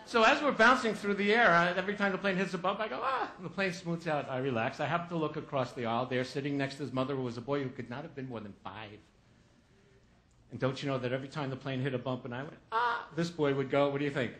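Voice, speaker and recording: A man's voice: medium pitch, fast, sharp tone. A man giving a humorous motivational keynote, telling a story with comic asides and acting out the voices of the people in it. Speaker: keynote speaker.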